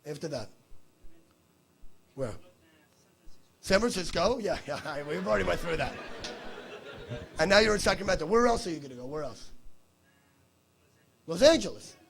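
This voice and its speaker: A man doing stand-up crowd work, brash and teasing with a profane edge. His voice sits high for a man and swings widely in pitch, with a gravelly rasp. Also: animated, normal speed, pauses often. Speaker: stand-up comedian. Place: comedy stage before a live audience.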